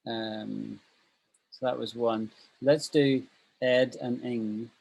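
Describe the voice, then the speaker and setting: A man's voice: mid-range voice, steady tone, slow, gravelly, a little mellow, low-quality recording. A man teaching an online English class, patiently drilling pronunciation over a video call.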